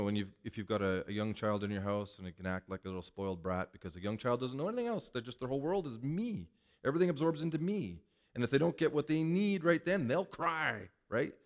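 A male pastor giving a conversational sermon, asking the congregation rhetorical questions. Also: medium pitch.

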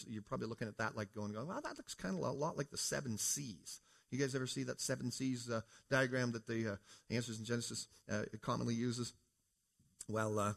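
A man from Canada addresses a congregation from the front of a church hall. He keeps it conversational, calls people folks and asks them questions, his voice sitting at an ordinary middle pitch. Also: gravelly. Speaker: preacher. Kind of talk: creation apologetics talk to a congregation.

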